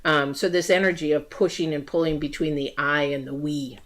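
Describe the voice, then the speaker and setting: Low-pitched female astrology reader, loose and chatty livestream delivery. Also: steady tone, brisk, a bit bright. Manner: rambling, many ums and restarts; acts out quoted voices in story asides. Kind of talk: casual livestream talk.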